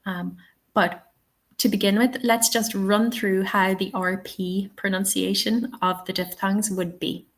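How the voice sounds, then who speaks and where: An Irish woman leads an online teaching webinar at a slow, unhurried pace. She explains patiently and keeps checking in with her listeners. Her pitch sits in an ordinary middle range. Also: steady tone. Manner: patient, checks in often with "okay" and "all right". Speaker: TEFL trainer.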